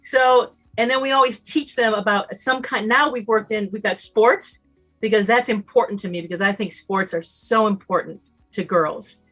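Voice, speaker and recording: A woman giving a motivational talk as a summit guest, emphatic and animated, acting out bits of dialogue. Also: mid-range voice, moderate pace, soft background music. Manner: emphatic and animated, acts out dialogue in shifting voices.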